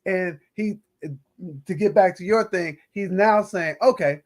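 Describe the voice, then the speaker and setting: A man's voice: high-pitched, steady tone, measured pace. A man film critic in a casual podcast roundtable, giving emphatic opinions with some hesitant restarts.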